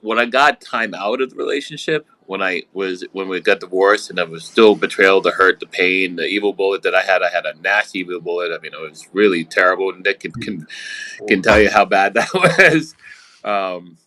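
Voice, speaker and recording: Affirming male coach with a very low but bright voice. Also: fairly quick, rough recording. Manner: supportive, affirming. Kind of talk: casual coaching call. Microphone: call.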